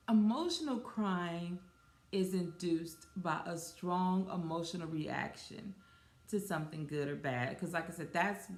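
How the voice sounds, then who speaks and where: A low-pitched woman hosts her own podcast in a loose, chatty way. She giggles often and talks straight to her listeners as y'all. The sound is roomy, with a clear echo around her voice. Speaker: podcast host. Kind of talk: casual solo podcast talk.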